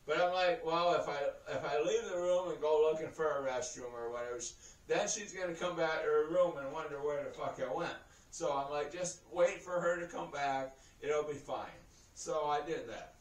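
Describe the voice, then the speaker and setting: Male vlogger, casual storytelling, swears and laughs through it, slightly high voice, distant camera mic. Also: normal speed. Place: indoor room. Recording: roomy echo, heard from a distance.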